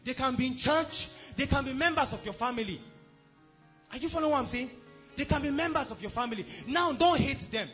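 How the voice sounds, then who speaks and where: A man with a strikingly high voice preaches a sermon at a church service. He speaks emphatically and checks in with the congregation again and again. Soft music plays quietly behind him. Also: expressive, a little fast. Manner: emphatic, repeatedly asks the congregation if they are following. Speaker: pastor.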